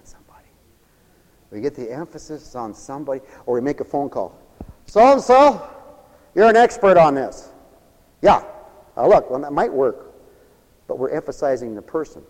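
A man preaching a sermon, swinging from loud high exclamations to low murmurs. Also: a little fast, in a large hall, low-quality recording.

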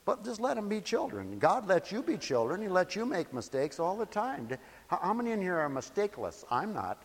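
Folksy preacher, man, high voice, hall reverb, swings soft to loud. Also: very animated, a little fast, slightly rough. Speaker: pastor. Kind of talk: sermon.

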